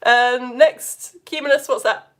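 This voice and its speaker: A woman's voice: high voice, slow. A woman from the United Kingdom teaching a live online science lesson to children, playful and coaxing as she asks questions and calls out words.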